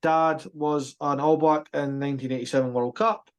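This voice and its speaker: A man's voice: on the high side, moderate pace, smooth. Joking man hosting a rugby podcast. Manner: jokey, lively banter. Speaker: podcast host. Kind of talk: casual rugby chat.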